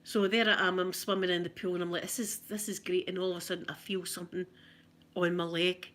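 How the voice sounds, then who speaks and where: A woman's voice: lowish voice, flat delivery, fast talker, a bit bright. A middle-aged woman with a Scottish accent chatting through funny memories in a casual ASMR video, often laughing. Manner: chatty, giggly, anecdotal. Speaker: ASMR vlogger.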